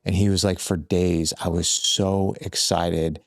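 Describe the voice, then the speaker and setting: A man guest on a podcast, telling animated stories that act out quoted lines, with lots of filler words. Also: sits low, unhurried, dry recording, clean studio sound. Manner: rambling, heavy use of filler words. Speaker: guest, fatherhood coach. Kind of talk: conversational podcast storytelling.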